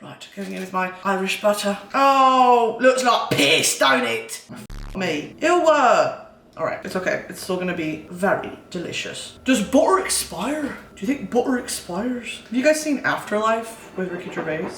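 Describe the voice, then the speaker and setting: A woman's voice: medium pitch, very animated, moderate pace, a bit bright. A young woman in her twenties hosting a comedic cooking vlog, putting on a playful mock English accent with cheeky, profane, self-mocking asides. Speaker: host. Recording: echoey room, mic at a distance.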